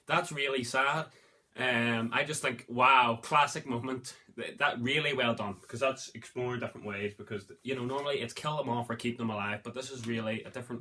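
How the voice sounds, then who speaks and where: A man giving a casual movie review, rambling and excitable, breaking into loud exclamations of delight. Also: medium pitch.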